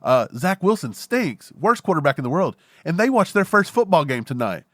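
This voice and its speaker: Guy with a high voice going off on a sports podcast, jokey rants, dry close sound. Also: moderate pace, no echo. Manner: animated, joking rants. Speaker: podcast co-host. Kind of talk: casual sports chat.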